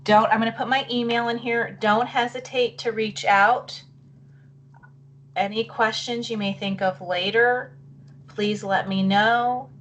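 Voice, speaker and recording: With a fairly high, bright voice and fairly even intonation, a middle-aged woman presents a live online teachers' session a little slowly. She's chatty and apologetic, thinking aloud while clicking, her voice wavering as she clears her throat again and again; a little hiss or hum is audible.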